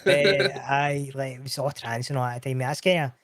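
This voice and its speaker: A man's voice: medium pitch, level tone, fairly quick, fairly bright tone. A Scottish man chatting casually as a podcast guest, slangy and laughing often, swearing freely. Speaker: podcast guest, roleplay streamer. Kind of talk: casual chat.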